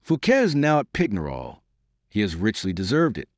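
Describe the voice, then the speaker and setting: A man's voice: fairly low pitch, huge pitch swings, moderate pace, no echo, studio quality. A man voicing a coarse, smug keeper of hunting dogs in an audiobook. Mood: sneering. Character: coarse sneering male dog keeper.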